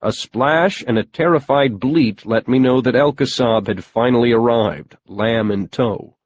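A man reads a first-person adventure audiobook, telling it wryly and matter-of-factly. His voice sits at a middling pitch for a man. The recording sounds somewhat dull and lo-fi. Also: unhurried. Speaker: audiobook narrator.

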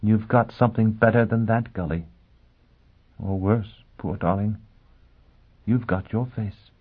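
Female role, young, icy and scornful, quiet deliberate delivery, male reader puts her on, phone-line tone. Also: lowish voice, husky. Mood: cold, quiet. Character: tense, scornful young woman, icy then hysterical. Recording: tinny phone-like sound.

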